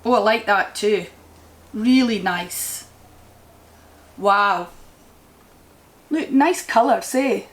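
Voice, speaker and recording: A woman's voice: medium pitch, extremely slow, pauses often. A woman with a Scottish accent chatting casually at home about yarn she bought, rambling and enthusiastic as she goes. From Scotland. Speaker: crochet vlogger. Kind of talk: casual yarn haul chat. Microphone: camera mic.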